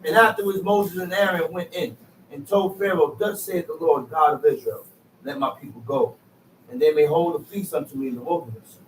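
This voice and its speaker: A man reading scripture aloud in a steady, plain way in a bible study class. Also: a little high, brisk, a little hiss or hum. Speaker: scripture reader. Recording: echoey room, mic far off.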